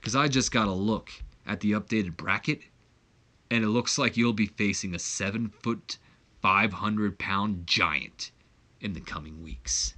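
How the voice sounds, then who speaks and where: A man's voice: lowish voice, a little slow, sharp tone. A man doing a sneering giant wrestler. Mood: taunting. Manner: taunting, sneering. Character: towering male wrestling giant, mocking bully.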